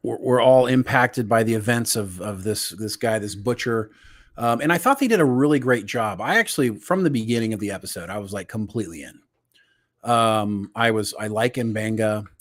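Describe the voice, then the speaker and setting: A man's voice: on the low side, normal speed. A man co-hosting a casual pop culture podcast, walking through an episode step by step with frequent restarts. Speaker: podcast co-host.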